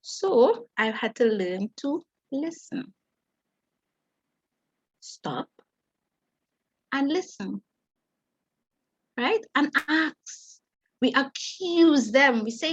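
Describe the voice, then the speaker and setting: A middle-aged woman with a Trinidadian accent, giving a lively, fast conversational parenting talk as a webinar facilitator. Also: sits high. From Trinidad and Tobago. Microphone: video call. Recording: dull lo-fi webinar audio.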